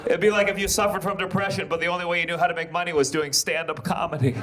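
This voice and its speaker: An American man doing stand-up comedy, with a slightly high voice and a wry, stammering delivery. He sounds loud and reverberant, as if in a big echoey venue. Noise from the crowd is clear behind him. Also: steady tone. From United States. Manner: stammering restarts, wry and quick.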